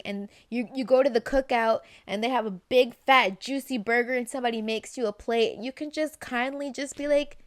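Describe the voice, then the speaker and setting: A woman's voice: sits high, dry recording. Chatty woman vlogger, dry close mic. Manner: chatty, acts out quick dialogue snippets, frequent "right?". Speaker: self-help vlogger. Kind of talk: casual direct-to-camera advice.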